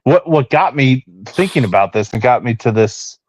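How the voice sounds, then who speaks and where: A man's voice: medium pitch, animated, moderate pace, husky, no room sound. A man co-hosting a casual sports podcast, talking in a rambling way with lots of fillers and restarts. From Cleveland, Ohio area. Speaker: podcast co-host. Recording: dull, dry lo-fi sound.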